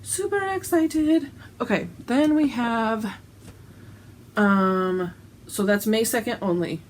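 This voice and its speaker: A woman's voice: mid-range voice, takes it slowly, a little hiss or hum, rough recording. A woman chatting casually to camera about her shirts, giggly, with plenty of ums and restarts. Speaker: cross-stitch vlogger selling shirts.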